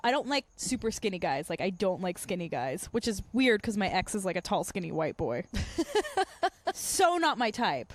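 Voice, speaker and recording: A woman's voice: medium pitch, very animated, moderate pace. A woman co-hosting a podcast in casual chat, bubbly and giggly. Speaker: podcast co-host.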